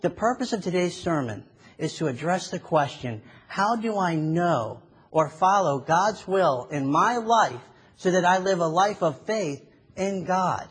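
A man delivers a sermon with earnest, measured phrasing. His voice is husky and sits a little high. He talks like a preacher, prayerful and steady.

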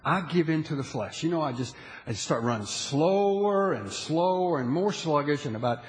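A man preaching a sermon as a pastor, animated, often checking in with the audience and restarting his phrases. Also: fairly high pitch, normal speed. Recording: long hall reverb.

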